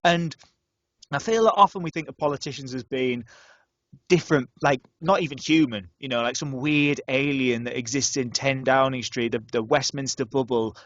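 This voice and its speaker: A young man from the north of England, co-hosting a casual student radio podcast and telling stories with lots of restarts and sudden jumps in pitch. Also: normal speed, no room sound, highs cut off. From North Yorkshire, England. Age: young adult. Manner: animated storyteller, restarts and stammers, lively pitch jumps. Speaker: podcast co-host.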